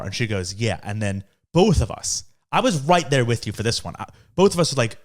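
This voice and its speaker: A man's voice: fairly low pitch, a little fast, few pauses. A young man co-hosting a podcast, telling a story in casual chat and acting out the people in it. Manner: animated retelling, acts out quoted voices. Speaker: podcast co-host.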